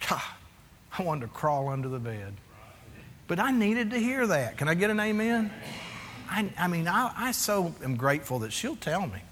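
A man in his forties preaching a sermon as a pastor, animated and confessional, acting out quotes and calling for amens. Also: high-pitched, normal speed, a little hiss or hum. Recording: echoey hall.

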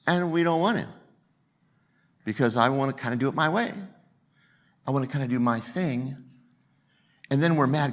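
A man's voice: mid-range voice, animated, measured pace, long pauses. A male pastor preaching a sermon in a conversational, self-deprecating way, joking with the congregation.

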